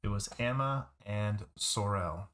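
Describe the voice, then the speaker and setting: A man's voice: lowish voice, slow pace, fairly bright tone. A man running a tabletop game as game master, laughing often and thinking aloud as he checks his notes.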